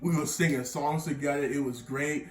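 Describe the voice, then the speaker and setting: Young man, lively slangy storyteller, fairly high voice, off-mic. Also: moderate pace, distant mic. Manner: animated storytelling with slang and bursts of laughter. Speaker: vlogger. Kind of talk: storytime vlog. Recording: echoey room, off-mic.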